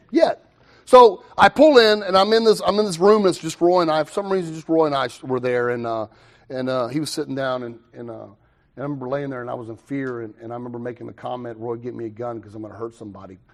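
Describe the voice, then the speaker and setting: A young man telling his own recovery story to a meeting, animated, with quick asides and self-mocking humor. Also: medium pitch. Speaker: recovery speaker.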